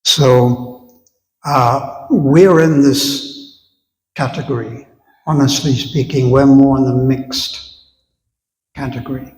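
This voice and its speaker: Male teacher, measured and slow, lecturing a congregation in a hall with a long echo. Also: medium pitch, steady tone. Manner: unhurried, conversational, asks the audience questions. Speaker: visiting spiritual teacher. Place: temple hall with long reverb.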